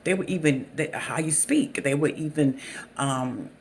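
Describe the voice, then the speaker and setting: A host from the Southern US with a Southern accent, talking unscripted to camera in a halting way with many fillers and restarts. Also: mid-range voice, a little hiss or hum. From Southern United States. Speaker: channel host.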